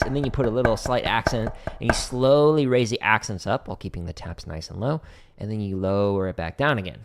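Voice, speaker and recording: A man leading a casual drum practice live stream, chatty and relaxed, explaining exercises and counting out patterns. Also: on the low side, vocal fry.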